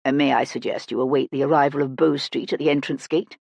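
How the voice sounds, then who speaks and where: A woman voicing a calm, composed aristocratic male detective in a measured, lowered voice. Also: creaky, dry recording, full character voice.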